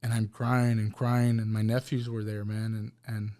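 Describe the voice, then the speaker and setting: A man telling a personal testimony on a podcast, halting and repeating words as he recounts what happened. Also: lowish voice, level tone, dark tone. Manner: halting, repeats words, quotes others in plain voice. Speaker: guest sharing a personal testimony. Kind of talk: emotional personal storytelling. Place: podcast studio.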